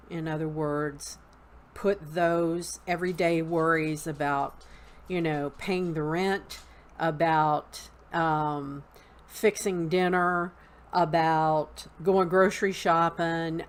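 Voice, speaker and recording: A woman with a Southern US accent, teaching an online class in an unhurried, halting way with frequent ums. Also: low voice. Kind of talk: unscripted spoken lesson.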